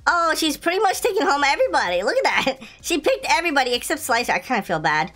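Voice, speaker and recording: A woman hosting a gameplay video, excitable and playful, laughing often as she comments. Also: high voice, quick pace, hardly any pauses, faint music behind. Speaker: gaming video host.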